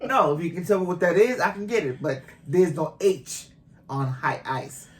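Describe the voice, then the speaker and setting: Her voice is low and expressive, moving at a moderate clip with a distinct Boston accent. She's a woman in her fifties from Boston, laughing often as she casually teases her husband for their couple's channel.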